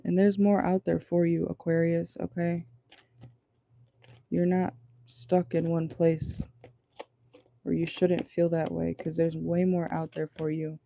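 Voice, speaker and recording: A man with a dark, gravelly voice gives a relaxed tarot reading from a parked car. He sits a bit high in his range and talks loosely, reassuring his listeners. He keeps checking in with a casual "okay?". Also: unhurried, long pauses. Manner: loose, chatty, reassuring, many fillers like "okay?". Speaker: tarot reader.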